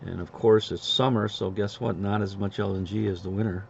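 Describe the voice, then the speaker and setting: A man's voice: fairly low pitch, fairly even intonation, fairly quick, vocal fry, breathy edge. A middle-aged man giving casual market commentary as a host, blunt, sarcastic and rambling. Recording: dull lo-fi recording.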